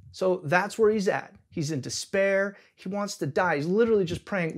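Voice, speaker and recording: A man's voice: high-pitched, normal speed, hardly any pauses. A man pastor giving a casual, conversational sermon with humorous retellings of scripture. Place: church service.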